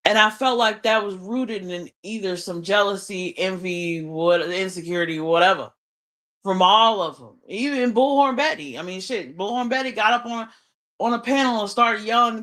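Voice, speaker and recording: On her livestream, a woman who is a mother speaks at a moderate pace in a medium-pitched, fairly bright voice. Unscripted, she airs her grievances about a falling-out, cursing freely and speaking with emphasis.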